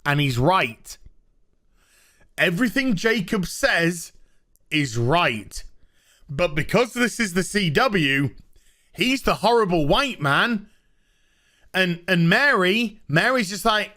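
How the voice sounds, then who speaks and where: A man's voice: sits high, expressive, slow pace, long pauses, sharp tone. A man giving a sarcastic, swearing recap of a TV episode he dislikes, scornful and casual. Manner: swears freely. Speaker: TV show reviewer.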